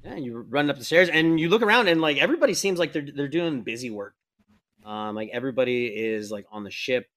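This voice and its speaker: A man's voice: mid-range voice, brisk, a bit bright. A man narrating as game master of a live-streamed tabletop game, talking casually with lots of fillers. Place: streaming setup.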